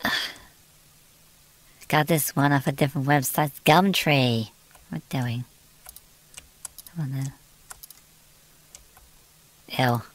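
Her voice is bass and slow-paced, with frequent pauses, as this British woman provides casual commentary on a game she's streaming. She's chatty, exclaims now and then, and mutters to herself.

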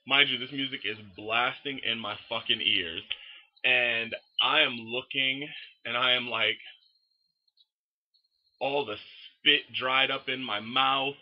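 A young man casually telling a story to camera in an excitable, profane, animated way. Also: medium pitch, takes it slowly, lo-fi sound. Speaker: vlogger.

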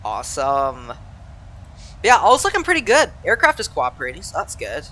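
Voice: medium pitch, wildly swooping pitch, moderate pace, bright, forceful tone. A young adult from Southern California casually chatting on a live stream, reading and answering chat while flying, laughing easily and poking fun at themself. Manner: laughs easily, self-deprecating. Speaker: flight sim streamer.

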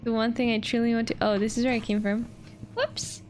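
A woman's voice: fairly high pitch, level tone, a little fast, a little mellow, a little hiss or hum. A young woman streaming a game, chatting with viewers in a playful, sweary, giggly way. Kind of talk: casual gameplay commentary.

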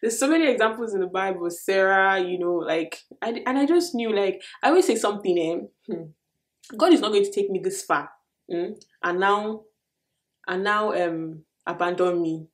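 A woman's voice: medium pitch, normal speed. A young Nigerian woman with a Nigerian accent, chatting expressively and laughing often as she answers viewer questions in a casual vlog.

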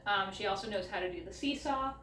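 A woman's voice: mid-range voice, quick pace, a bit bright, slight background noise. A woman showing her dogs' tricks at home, explaining casually between short, upbeat commands to the dog. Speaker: dog trainer and vlogger. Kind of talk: casual demonstration. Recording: roomy sound, mic at a distance, faint ambience.

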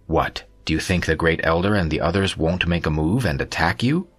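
A man's voice: deep voice, fairly quick, breathy edge. A man voicing a stern middle-aged father who heads the family, speaking in a scolding tone. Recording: soft background music.

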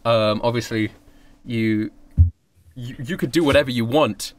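A man running a streamed tabletop game as game master, laughing often and talking in an animated way. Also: medium pitch, unhurried. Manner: giggly, animated.

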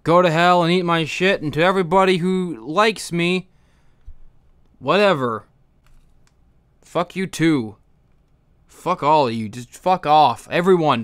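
A man hosting a comedy podcast, signing off with deadpan, profane insults to his listeners. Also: on the high side, unhurried, pauses often, clear, resonant tone, dry recording. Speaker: podcast host.

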